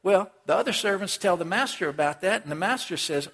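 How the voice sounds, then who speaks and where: A pastor's high voice rings through the long reverb of a church as he delivers a sermon at a slightly quick pace. Animated, he plays out the story's characters and speaks straight to the congregation.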